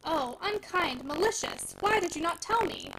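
A woman's voice: high-pitched, huge pitch swings, fast talker, exaggerated voice. Woman voicing an impulsive, eager young wife. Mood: impatient. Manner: eager, impatient, emphatic. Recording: heavy static hiss.

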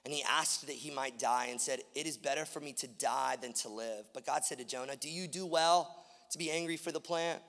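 A male pastor preaching a sermon with impassioned, repetitive delivery that swings from hushed to loud. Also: mid-range voice, a little fast, gravelly. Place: church auditorium. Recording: long reverb of a large hall.

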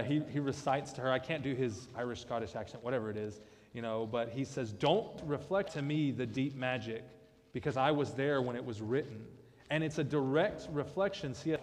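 Male pastor, relaxed joking sermon, mid pitch, reverberant church. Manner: conversational, joking asides. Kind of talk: casual sermon. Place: church sanctuary.

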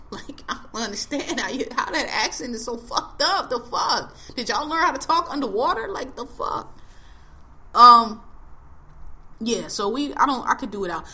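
A woman's voice: on the high side, animated, moderate pace, sharp tone. A woman hosting a podcast, chatting casually about a TV show in blunt, profane slang and laughing often. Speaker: podcast host. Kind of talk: casual chat reviewing a TV show.

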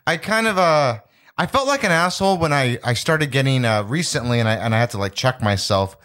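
A man co-hosts a casual comedy podcast. His talk is rambling and blunt, full of swearing and frequent laughs. His voice sits in an ordinary middle pitch. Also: expressive, fairly quick, a bit bright. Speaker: podcast co-host.

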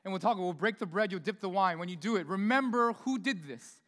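Male pastor with a high voice, loose and chatty preaching, long church reverb. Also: a little fast, fairly bright tone. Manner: casual, chatty preaching with many asides. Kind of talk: sermon. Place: church sanctuary.

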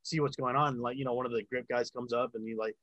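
A man's voice: medium pitch, fairly even intonation, very fast, crowd noise, rough recording. A man in casual chat, telling a long story about working sound on a film set, with lots of filler words and swearing.

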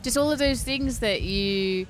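A woman's voice: a little high, unhurried, soft background music. A woman in casual conversation as a guest, talking loosely with lots of fillers and restarts. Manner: chatty, lots of "like" and "you know". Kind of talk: casual podcast chat.

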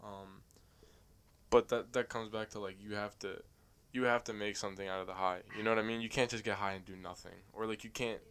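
A man's voice: lowish voice, fairly even intonation, a little fast, a bit bright, smooth. A young man talking as a guest on a podcast, loose and rambling, with plenty of fillers. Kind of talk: casual chat.

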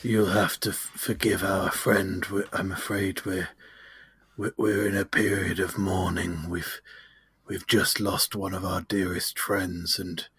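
A man playing a tabletop game, speaking in character in a formal, measured, solemn way. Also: deep voice, level tone, fairly bright tone, slightly rough. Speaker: player. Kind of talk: in-character role-play.

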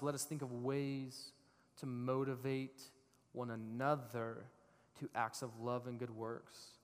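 A man in his thirties preaching a sermon to a congregation, switching into lively storytelling with voiced characters. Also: mid-range voice. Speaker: pastor. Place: church sanctuary. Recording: long reverb of a large hall.

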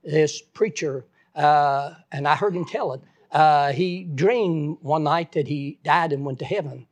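A man's voice: fairly high pitch, unhurried. A man preaching a sermon in an earnest, folksy way, repeating phrases and stammering on restarts.

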